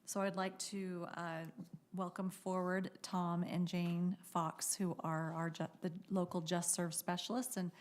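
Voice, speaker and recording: Low-voiced woman chairing a council meeting. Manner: chatty, apologetic, corrects herself as she goes. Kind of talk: meeting chair's casual introductions. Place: city council chamber.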